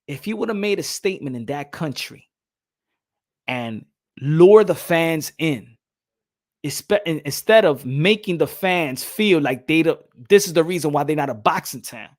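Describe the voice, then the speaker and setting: Animated, high-pitched ranting man. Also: measured pace. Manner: animated, profane, repeats himself, mocks with put-on voices. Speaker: boxing commentary host. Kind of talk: casual ranting commentary.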